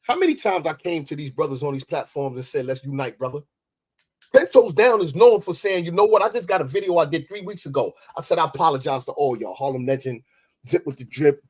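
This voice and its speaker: Confrontational New man, husky and higher-pitched, lecturing in a debate. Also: lively intonation, fast talker, a little mellow. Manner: confrontational, preachy, repeats for emphasis. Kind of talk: heated online debate.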